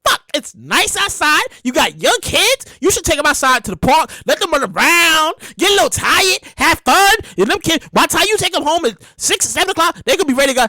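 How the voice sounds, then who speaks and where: A man hosts his own podcast in a hyper, loud solo rant, swearing freely. His voice sits high and swoops around with big leaps in pitch. It sounds bright and edgy, recorded close and dry. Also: fast, no echo. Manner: loud, hyper and animated, with profanity; acts out quoted people in shouts. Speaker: podcast host.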